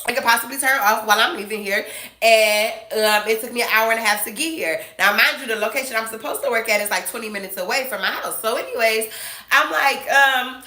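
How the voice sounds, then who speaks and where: A woman talks to the camera in a loose, chatty storytime. Her voice is bright and a little higher than most, and she quotes each side of the argument with lively energy. The room around her sounds echoey. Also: a little fast. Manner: animated, acts out both sides of the argument. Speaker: vlogger telling a work story.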